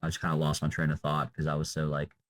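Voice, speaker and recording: A man's voice: extremely low pitch, monotone, quick pace, fairly bright tone, slight background noise, poor audio. A young man vlogging off the cuff, tired and drained, talking in a loose, meandering way with lots of fillers and trailing off. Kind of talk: unscripted rambling monologue.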